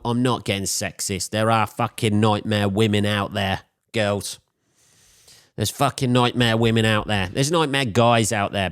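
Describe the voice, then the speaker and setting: A man's voice: deep voice, smooth, no echo, studio quality. A man hosting a solo podcast, telling a rambling, sweary, wry story in a casual chat. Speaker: podcast host.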